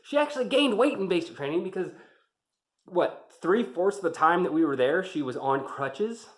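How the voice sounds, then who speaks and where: A man's voice: high-pitched, expressive, normal speed. Man rambling through an army story. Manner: profane, rambling, gets heated. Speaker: army veteran vlogger. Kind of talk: casual storytelling. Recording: roomy echo.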